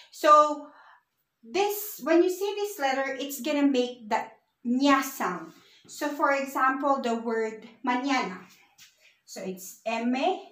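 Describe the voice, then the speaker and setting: A woman's voice: on the high side, a bit bright, roomy sound, low-quality recording. A woman teaching a beginner Spanish lesson, patiently spelling words out letter by letter.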